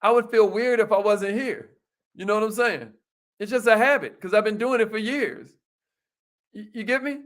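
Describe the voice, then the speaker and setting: A middle-aged man giving a motivational talk to a live call audience, folksy and animated, calling out to his listeners. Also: high voice, normal speed. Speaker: motivational speaker.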